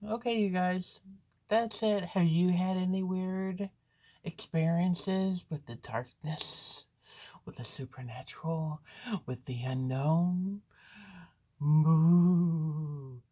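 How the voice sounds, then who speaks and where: A woman vlogger telling a story to camera in a chatty, rambling, animated way. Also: fairly low pitch, takes it slowly.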